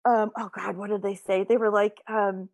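A woman's voice: medium pitch, flat delivery, normal speed, darkish tone, no echo, clean studio sound. A woman with a neutral American accent, chatting in a rambling, giggly way. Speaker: voice actor. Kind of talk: casual podcast chat.

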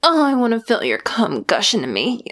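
A young woman performing intimate adult audio role-play, breathy and sighing, often dropping to a whisper. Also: fairly high pitch, huge pitch swings, normal speed, a bit bright.

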